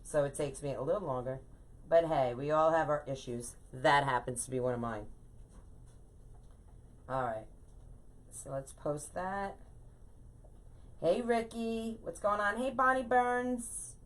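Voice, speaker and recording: A woman's voice: low voice, unhurried, long pauses. A middle-aged woman hosting a chatty craft livestream, greeting viewers by name in a bubbly, upbeat way. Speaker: wreath-making livestream host. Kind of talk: casual livestream chat with viewers.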